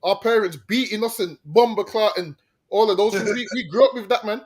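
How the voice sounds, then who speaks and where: A man's voice: high-pitched, brisk. A man co-hosting a podcast in casual chat, mocking and slangy, often laughing and tagging lines with "man". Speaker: podcast co-host.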